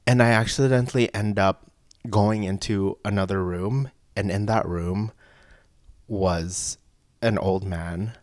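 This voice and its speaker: A man telling a personal story in casual chat, animated and breaking into laughs. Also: on the low side, takes it slowly. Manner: animated, laughs between lines, rising into excited outbursts. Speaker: podcast guest telling a story.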